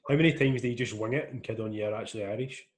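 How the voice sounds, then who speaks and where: Fast-talking podcast host. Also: male voice, mid-range voice, over a noisy crowd. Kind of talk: casual chat.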